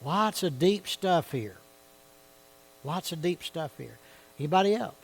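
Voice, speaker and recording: A man leads a Bible study in a church. His voice sits a little high for a man. He talks in a conversational way and keeps checking in with his listeners. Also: expressive, measured pace, gravelly, rough recording. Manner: conversational, asks the audience questions.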